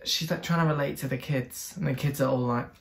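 A man's voice: mid-range voice, fairly even intonation, brisk, gravelly. A man hosting a music reaction video, chatting casually and laughing often as he exclaims at the clips.

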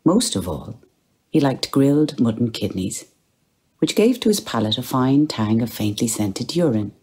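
An Irish woman reading a novel aloud in a strikingly deep, husky voice. She takes her time and lets the melody rise and fall widely, dropping to a near whisper for inner thoughts. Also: very animated, normal speed, mellow. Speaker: audiobook reader. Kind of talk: literary reading.

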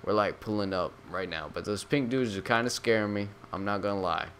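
Deep-voiced young man rambling over gameplay. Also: brisk, fairly bright tone, a little hiss or hum. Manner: rambling, joking, slangy. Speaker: gaming YouTuber. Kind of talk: casual gameplay commentary.

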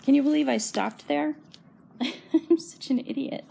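A woman's voice: high voice, measured pace, gravelly, noisy background. A woman in her fifties chatting casually as a quilting vlogger, gushing and emotional, close to tears as she shows her quilts. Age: 50s. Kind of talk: casual show-and-tell chat.

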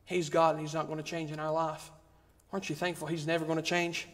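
Speaking quickly in a slightly high, even voice, a man preaches as a guest in a church sanctuary. His sermon relies on rhythm and repetition to build emphasis, and the hall's long reverb lingers around his words.

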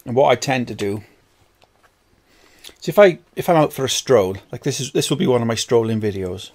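A man's voice: mid-range voice, animated, brisk, darkish tone. A man narrating his own gameplay, swearing constantly and getting frustrated at the game. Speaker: gaming video creator. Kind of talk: let's play commentary.

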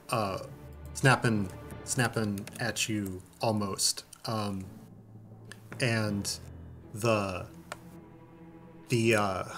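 A man narrating a tabletop game as game master, halting and searching for his words. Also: mid-range voice, fairly bright tone.

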